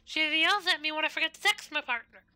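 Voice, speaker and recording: A woman's voice: sits high, quick pace, pushed and bright, no room sound. A woman streaming a game, chatting casually and telling rambling, profane stories.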